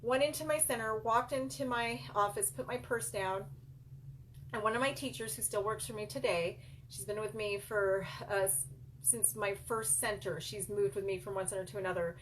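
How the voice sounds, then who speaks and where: A woman's voice: mid-range voice, fairly even intonation, normal speed, slight background noise. A middle-aged woman, a child care business coach and center owner, earnestly telling a personal story straight to her viewers, calling them "you guys.".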